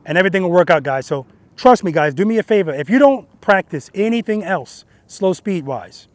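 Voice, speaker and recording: A man's voice: high-pitched, lively intonation, fairly quick, no room sound. A man teaching motorcycle riding outdoors, explaining emphatically and often checking in with "right?" and "guys.". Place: outdoor practice area.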